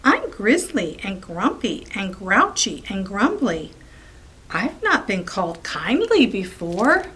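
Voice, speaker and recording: A woman's voice: mid-range voice, very animated, slow, a bit bright, slight background noise. A woman voicing a grumpy, hungry male giant in a rhyming children's story, with a playful storybook delivery. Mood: grumbly, greedy.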